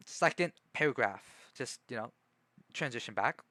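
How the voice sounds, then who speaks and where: A man's voice: mid-range voice, a little slow, pauses often, bright, forceful tone, no room sound. A man streaming casually, reading a book aloud and rambling with many self-corrections.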